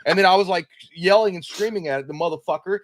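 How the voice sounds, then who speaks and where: A man's voice: high-pitched, no room sound, studio quality. A man co-hosting a podcast, ranting casually and exasperated, full of curses. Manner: fast, profane, exasperated ranting. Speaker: podcast co-host. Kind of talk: casual live chat, venting.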